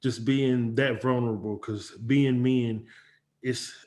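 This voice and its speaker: A man's voice: mid-range voice, steady tone, takes it slowly, a little mellow. A laid-back man who calls himself an introvert, co-hosting a casual interview chat. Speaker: co-host.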